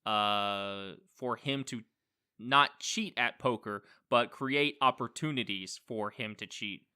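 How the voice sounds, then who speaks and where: Male podcast co-host, rambling casual movie chat, bright tone. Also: fairly low pitch, slow pace, clear, resonant tone. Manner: loose, rambling, swears casually.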